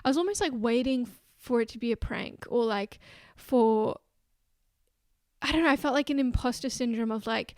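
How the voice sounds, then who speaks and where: A woman's voice: on the high side, normal speed, dry recording, studio quality. A woman in her twenties talking casually and openly to camera, rambling and filling her sentences with "like". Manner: rambling, fills with "like" constantly; earnest, emotionally open. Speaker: vlogger. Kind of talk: casual confessional talk to camera.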